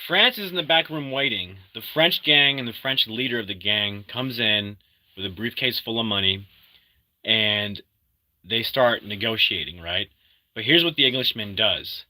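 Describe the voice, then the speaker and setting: A man with a medium-pitched voice animatedly recaps a movie in a casual, spoken style, acting out quotes and frequently restarting his sentences. The recording is rough but has no echo.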